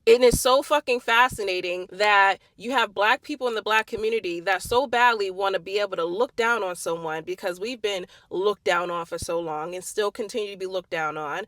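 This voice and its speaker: A woman's voice: mid-range voice, a little fast, hardly any pauses, fairly bright tone, no echo. A young woman giving a heated, blunt and profane commentary monologue, firing off rhetorical questions. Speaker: commentary vlogger. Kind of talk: impassioned social commentary monologue.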